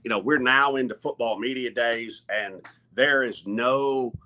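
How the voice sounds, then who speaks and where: A man's voice: medium pitch, measured pace, pushed and bright. A man who is a college athletic director, talking earnestly as a guest on a sports talk show, stopping and restarting often with lots of fillers.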